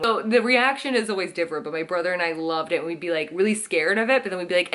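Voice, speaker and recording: A woman's voice: mid-range voice, quick pace, fairly bright tone. A woman in her thirties chatting casually as a vlogger, answering Q&A questions and acting out quotes along the way. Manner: chatty, many "like"s, acts out quotes. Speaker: vlogger host. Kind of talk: casual Q&A chat.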